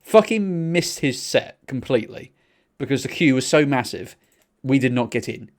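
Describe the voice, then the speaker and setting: A young man, co-hosting a podcast and telling a rambling, sweary story in casual chat. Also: normal speed. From England. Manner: rambling, sweary storytelling with excited pitch jumps. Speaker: podcast co-host.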